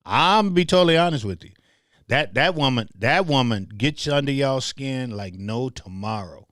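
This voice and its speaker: A man's voice: mid-range voice, animated, moderate pace, a bit bright, dry recording. Passionate Southern man with a dry sound. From Memphis, Tennessee. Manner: passionate, repeats words, speaks to the audience directly. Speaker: host. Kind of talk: livestream commentary.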